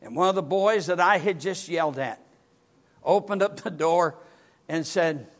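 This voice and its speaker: An older man, a pastor, telling a personal story in a folksy, animated sermon. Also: sits high, moderate pace.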